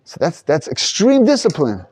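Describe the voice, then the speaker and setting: Mellow-voiced man teaching a casual class. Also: a little high, wildly swooping pitch, normal speed, breathy edge. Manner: loose, rambling, thinks aloud with restarts. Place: study hall.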